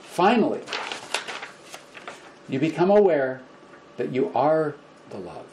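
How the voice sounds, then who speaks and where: A man giving an informal spiritual lecture to a small group, speaking gently and repeating words, growing animated when he acts out examples. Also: a little high, slow, slight background noise, rough recording. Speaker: spiritual teacher.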